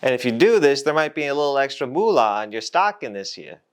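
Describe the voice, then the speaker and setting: A man playing a greedy, fast-talking male factory boss who talks in old-timey 1950s slang in a comedy skit. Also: medium pitch, big pitch swings, clean tone, voice pushed up, close to an everyday voice. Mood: scheming. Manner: old-timey slang, ends lines with "you see".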